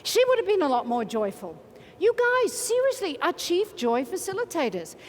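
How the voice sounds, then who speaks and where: A woman motivational speaker, giving an energetic, playful keynote in a large conference hall and leading the crowd in chants. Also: very high-pitched, moderate pace, slight background noise. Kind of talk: keynote speech to a large audience. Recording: reverberant hall from a stage mic.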